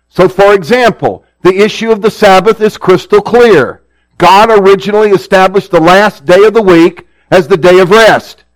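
A man with a notably high-pitched voice preaches a sermon. His delivery is measured and earnest, the steady manner of a teacher explaining scripture to a congregation. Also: poor audio.

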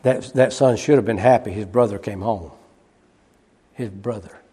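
A man preaching a sermon. He swings between loud, quick emphasis and hushed, slow passages, and repeats key phrases. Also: on the low side, husky. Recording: long reverb of a large hall.

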